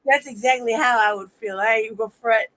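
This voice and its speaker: A woman's voice: fairly high pitch, fast, fairly bright tone. A woman co-hosting a livestream in casual chat, laughing often and swearing freely.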